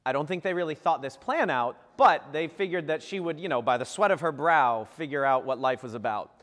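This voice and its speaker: In a large hall, a man delivers a humorous homily, recounting a saint's story playfully and acting out each character. His voice is a little high, fairly bright, and fairly quick.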